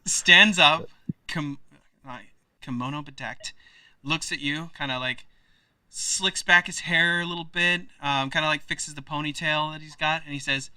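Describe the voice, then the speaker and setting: A man running a tabletop role-playing game, describing scenes in a loose, rambling way full of fillers. His voice is fairly high and very bright, picked up dry and a little away from the mic. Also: a little slow, no room sound, far from the mic. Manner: rambling, many fillers like kinda and like. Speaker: game master.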